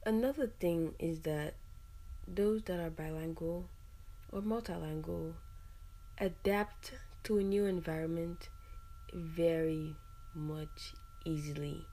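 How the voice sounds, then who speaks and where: A woman from Nigeria with a Nigerian accent hosts a solo podcast in a relaxed, chatty way. Her voice sits a little low and sounds mellow and soft-edged. She talks expressively and scatters "like" through her sentences. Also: slow. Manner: chatty and expressive, with frequent "like" fillers and asides. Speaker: podcast host. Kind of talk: casual solo podcast talk.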